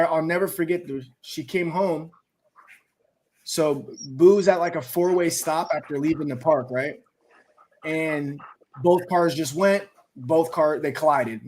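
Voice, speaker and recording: A man's voice: on the high side, a little mellow. Laid-back man saying bro and dude. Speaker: host. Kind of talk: casual live stream chat.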